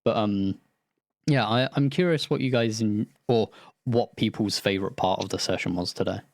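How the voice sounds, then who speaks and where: A man's voice: lowish voice, moderate pace, vocal fry, no echo, studio quality. A man running a tabletop game, chatting loosely after the session, swearing and laughing as he goes. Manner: loose and rambling, swears, laughs mid-sentence. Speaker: game master. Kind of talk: casual post-session chat.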